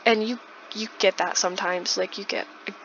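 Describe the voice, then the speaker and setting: Chatty young woman with gravelly edges. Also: mid-range voice, fairly even intonation, brisk. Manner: chatty, many likes and restarts. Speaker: YouTuber. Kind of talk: casual storytime over a speed build. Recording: dull lo-fi, faint noise.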